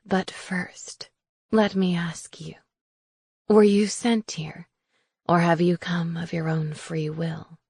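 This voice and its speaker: Lady narrator doing an ancient witch, low and slow, whispers everything, kinda creepy. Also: fairly even intonation, gravelly, a little mellow, husky, dry recording, studio quality, heavily acted. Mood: probing. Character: frail ancient witch crone, eerie, knowing. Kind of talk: audiobook character voice.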